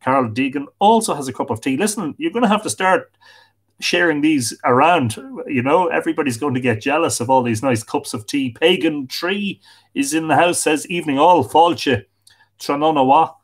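A man's voice: fairly high pitch, normal speed. A middle-aged Irish man hosting a casual livestream, chatting and greeting viewers by name, a little tired from a sore back. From Ireland. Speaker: livestream host. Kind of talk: casual livestream chat, reading comments.

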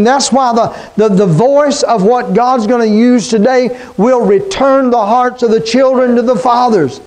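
A man's voice: high-pitched, a little mellow. A middle-aged man preaching a sermon as pastor, talking conversationally and calling out to the congregation.

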